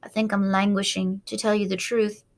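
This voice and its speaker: A woman doing a gentle weary spider. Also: mid-range voice, moderate pace, natural voice. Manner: soft, calm and tired.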